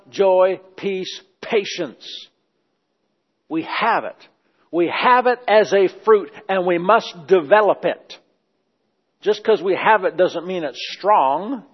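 A man's voice: high voice, husky. Emphatic man preaching in an echoey hall. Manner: emphatic, repeating phrases in praise. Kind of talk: sermon. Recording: dull, echoey hall sound.

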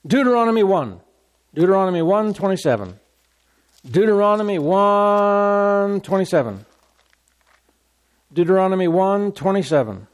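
A man delivers a lively sermon, repeating his verse references again and again. His voice sits a little high for a man, and he jumps between reading scripture and teasing the congregation. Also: moderate pace, pauses often. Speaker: pastor.

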